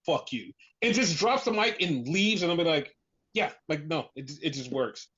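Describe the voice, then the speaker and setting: A man's voice: fairly high pitch, animated, normal speed, a bit bright, husky. Rambling, profane man on a lo-fi recording. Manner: rambling, profane, heavy on "like", acts out quotes. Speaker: podcast co-host. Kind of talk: casual wrestling chat. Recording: dull lo-fi recording.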